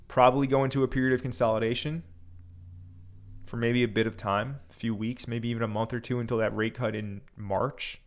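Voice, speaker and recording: A young man hosting a livestream, speaking casually with lots of fillers and restarts. His voice sits at an ordinary middle pitch. He reads viewer comments aloud between his own thoughts. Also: steady tone, brisk. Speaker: crypto livestream host.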